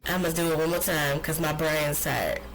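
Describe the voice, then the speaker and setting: A woman's voice: low voice, fairly even intonation, normal speed, background noise. A woman hosting a solo podcast, ranting with passion and plenty of profanity. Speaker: podcast host.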